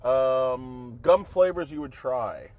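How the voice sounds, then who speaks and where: A man's voice: medium pitch, animated, slow, darkish tone. A man chatting casually as a co-host, rambling and joking, often trailing off and restarting. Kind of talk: casual chat.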